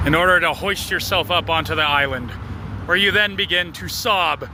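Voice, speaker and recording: Man, high voice, wry mock-grand storyteller, casual comedic monologue, outdoors, traffic noise behind. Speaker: video creator.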